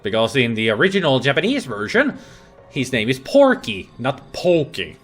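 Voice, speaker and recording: A man's voice: medium pitch, very animated, brisk, a bit bright, slightly rough. A man hosting a let's play, joking around and reading game text aloud in a playful way. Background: game music.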